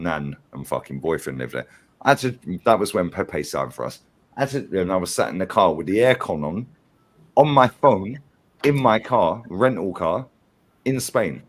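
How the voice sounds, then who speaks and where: A man hosting a casual fan live stream, telling stories bluntly and swearing often. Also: sits low. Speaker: fan channel host.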